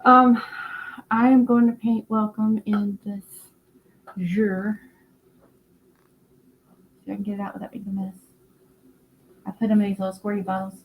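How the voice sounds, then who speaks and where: A tired woman with a North Carolina Southern accent, hosting a casual craft live stream and rambling through her explanations with many fillers and halting words. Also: mid-range voice, little pitch movement, phone-quality sound, slight background noise.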